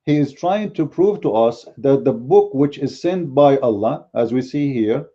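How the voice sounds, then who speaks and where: A man with a very deep, mellow voice whose first language is Arabic, arguing in a blunt and combative way. He delivers casual commentary on a dull, lo-fi recording. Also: expressive, a little slow. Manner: blunt and combative, speaks bluntly by his own account. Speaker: Christian apologetics commentator.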